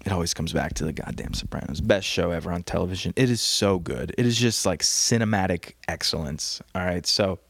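A man with a low, gravelly voice hosts a casual solo podcast, rambling and crude, often laughing at his own jokes. His voice is recorded close and dry, with no room sound around it. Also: dry recording. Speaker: podcast host. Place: home, on a couch.

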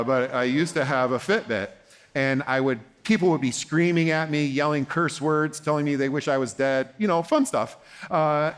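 A man addresses a room of listeners as a therapist, his pitch sitting in the ordinary middle range. He talks in a relaxed, conversational way and often acts out both sides of a conversation. When he voices the counselor, he turns gentle and reassuring. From United States. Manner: conversational, acts out dialogues in short quoted lines. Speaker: therapist speaking at a conference. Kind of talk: conference talk. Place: conference hall with an audience.

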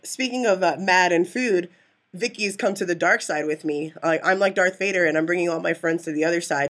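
Fast-talking, low-voiced woman co-host. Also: fairly bright tone. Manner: chatty and emphatic. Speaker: podcast co-host. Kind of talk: casual chat.

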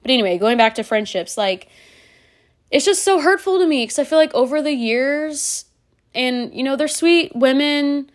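A woman's voice: sits high, expressive, moderate pace. A woman in her thirties hosting a solo podcast, talking bluntly and candidly straight to the listener. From United States. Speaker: podcast host.

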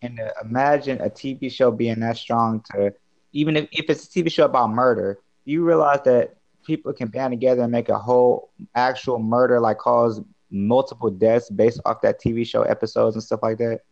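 A man's voice: mid-range voice, steady tone, vocal fry, a little mellow. A man chatting casually in a group call, rambling and restarting his sentences often. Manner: rambling, halting, many restarts. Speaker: podcast participant. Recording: muffled lo-fi mic.

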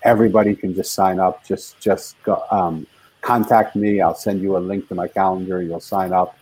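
An older man speaks with a husky, dark voice as an interview guest. He tells his story earnestly and with feeling. His delivery rises in intensity as he goes on. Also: deep voice, little pitch movement, moderate pace, low-quality recording.

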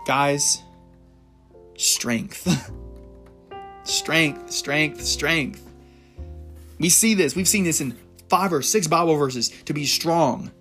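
Guy giving a loose devotional talk, kinda high voice, soft music behind, rambles and reads verses. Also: extremely slow, long pauses. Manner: rambling, laughs at himself, reads Bible verses. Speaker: Christian encouragement speaker.

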